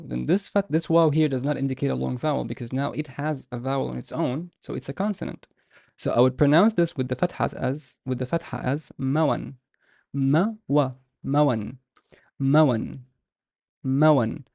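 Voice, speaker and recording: A man talks through a beginners' lesson at an unhurried, deliberate pace, pausing on fillers and repeating each example word again and again. His voice is mellow with a gravelly edge, recorded dry and close. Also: mid-range voice, no room sound. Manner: patient, repeats words slowly with many fillers. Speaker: language teacher. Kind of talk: slow explanatory lesson.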